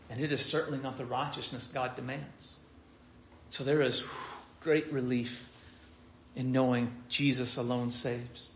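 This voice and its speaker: An American man preaching a sermon with earnest emphasis that swings between loud stresses and quiet low asides. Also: fairly even intonation, moderate pace, creaky, a little hiss or hum. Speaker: pastor. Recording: dull lo-fi sermon audio.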